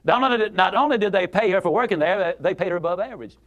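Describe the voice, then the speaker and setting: High-pitched, folksy motivational speaker man. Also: animated, very fast, fairly bright tone, dull audio. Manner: folksy, emphatic, repeats for effect. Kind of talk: motivational speech with storytelling.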